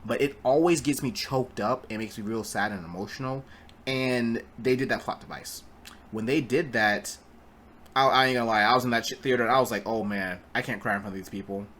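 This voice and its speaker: A man's voice: mid-range voice, fairly even intonation, fairly quick, a bit bright, a little hiss or hum. A man giving a casual spoken film review, rambling with stumbling restarts and blunt, profane remarks. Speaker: movie reviewer.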